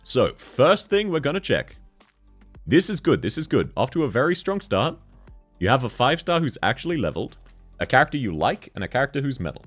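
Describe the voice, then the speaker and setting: A man's voice: medium pitch, big pitch swings, brisk, soft background music. A young man chatting casually on a game livestream, joking, laughing often and reading chat messages aloud. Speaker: streamer.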